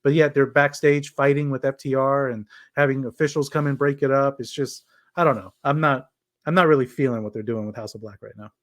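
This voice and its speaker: A man's voice: mid-range voice, steady tone, fairly quick, no echo, clean studio sound. A man co-hosting a casual wrestling podcast, rambling with many restarts and hesitations. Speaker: podcast co-host.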